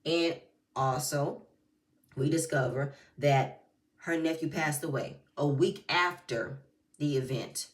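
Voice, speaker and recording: A woman with a lowish voice tearing into a reality show reunion in blunt, cussing commentary. She sounds a little away from the mic in an echoey room. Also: slow, far from the mic. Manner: blunt, profane, heated. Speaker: reality TV recap YouTuber. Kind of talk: casual commentary.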